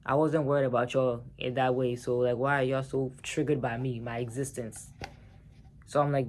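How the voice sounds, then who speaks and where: A man's voice: mid-range voice, flat delivery, moderate pace, slight background noise. A man telling a personal story in a casual vlog, heated and profane, talking straight to the viewers.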